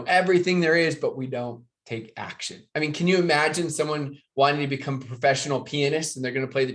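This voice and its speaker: An American man coaches a video call audience on sales. He talks with lively energy, cracks jokes, and keeps asking his listeners direct questions. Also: mid-range voice. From United States. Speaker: network marketing trainer. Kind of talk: motivational training over video call.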